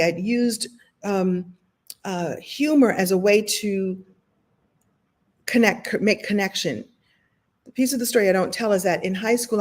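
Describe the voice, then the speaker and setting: A woman from Brooklyn hosts a motivational talk and tells a personal story. She speaks with animated, self-deprecating energy, often speeding up and slowing down. Her pitch sits in the middle range. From Brooklyn, New York. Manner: animated, self-deprecating, shifting pace and loudness.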